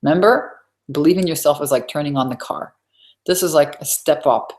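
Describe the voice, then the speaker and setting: A woman business coach talks through a live webinar in a deep voice. She is chatty and emphatic, drops in asides and repeats her key phrases to drive them home. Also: brisk, darkish tone.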